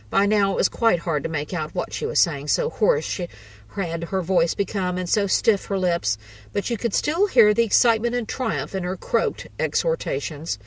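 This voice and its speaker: A woman narrating a first-person ghost story in a measured, wry way. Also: on the low side, no room sound, distant mic, rough recording.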